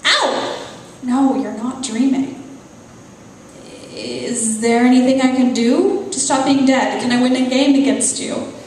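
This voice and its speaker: A woman reading aloud voices a startled, panicky young woman, raising her voice into high, frantic questions. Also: fairly even intonation, measured pace, warm tone, a little hiss or hum. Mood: pleading. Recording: echoey hall, voice far from mic.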